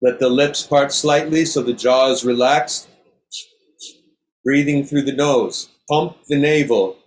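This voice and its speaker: Calm middle-aged male yoga teacher, steady instructive cues, mid-pitched voice. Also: slow. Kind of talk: guided breathing class.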